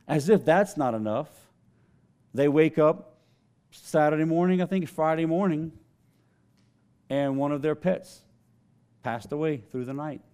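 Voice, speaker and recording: A man's voice: mid-range voice, warm tone. A man preaching a sermon as pastor, telling stories conversationally and laughing often.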